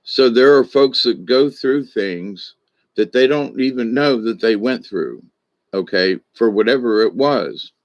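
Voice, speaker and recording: Man in his sixties, spiritual teacher, unhurried, restarts often, dry close sound. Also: mid-range voice, animated, dry recording, dull audio. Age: 60s. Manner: slow, thoughtful, with frequent restarts and asides. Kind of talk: reflective spoken monologue.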